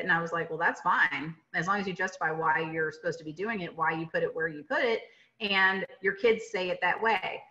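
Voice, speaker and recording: A woman's voice: lowish voice, fairly quick, pushed and bright. Chatty woman lecturing on a webinar call. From Atlanta, Georgia. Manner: conversational, many fillers and tag questions. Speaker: literacy presenter. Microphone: video call. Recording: dull lo-fi webinar audio.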